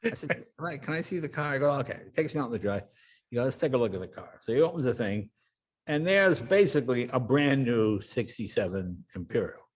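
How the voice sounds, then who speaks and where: An older man spins long stories as an interview guest, voicing the people he quotes with lively shifts. His voice sits in a middle register. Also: mid-range voice, fairly quick, slightly rough. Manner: animated anecdote teller, acts out quoted voices. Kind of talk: storytelling interview.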